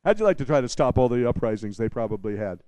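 A man preaching an expository sermon, animated and repeating phrases for emphasis, with wry humorous asides to the congregation. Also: medium pitch, quick pace, no room sound. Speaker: pastor.

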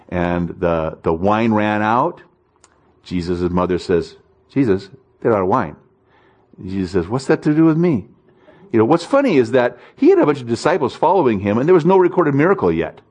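A man's voice: medium pitch, a little mellow. A man preaching a sermon in an easygoing, conversational manner, telling stories with self-deprecating humor and acting out the voices in them. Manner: acts out quoted voices in stories. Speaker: pastor.

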